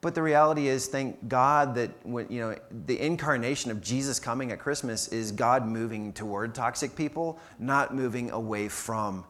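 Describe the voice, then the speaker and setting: A man gives a relaxed, conversational sermon from a church, his voice sitting at an ordinary middle pitch. He explains ideas by voicing what people might say, with loose fillers along the way. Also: normal speed, hardly any pauses. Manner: casual, explains with acted-out quotes and fillers. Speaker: pastor.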